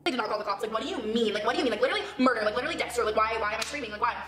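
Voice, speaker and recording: A woman's voice: fairly high pitch, racing, reverberant, crowd noise. A woman telling a dramatic storytime in a vlog, swearing a lot. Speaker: vlogger telling a story, clip played in a reaction.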